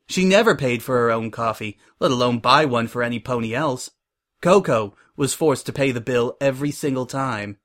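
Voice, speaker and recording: A man narrating a pony fan story in a steady reading voice. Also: mid-range voice. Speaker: reader.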